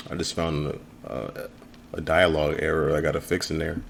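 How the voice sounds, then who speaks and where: Deep voiced guy rambling thru his own game demo, chill, bit of hiss. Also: moderate pace, creaky. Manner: relaxed, rambling, with fillers and chuckles. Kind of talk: casual let's play commentary.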